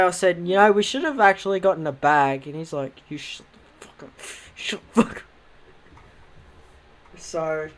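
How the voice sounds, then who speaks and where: A man's voice: high-pitched, a bit bright. A young man with an Australian accent casually telling rambling stories on a livestream, swearing freely and laughing at himself.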